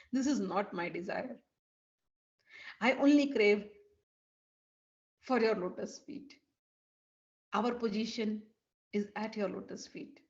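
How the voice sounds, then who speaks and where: A woman voicing Manjari as a shy, devoted young maidservant who pleads in a flustered way. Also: medium pitch. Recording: dull lo-fi recording.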